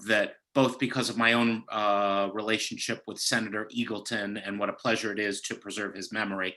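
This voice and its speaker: A man's voice: on the low side, bright, forceful tone, poor audio. A man giving an impassioned political speech over a video call, rallying his audience with a repeated, building cadence. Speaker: candidate speaking at a party gala.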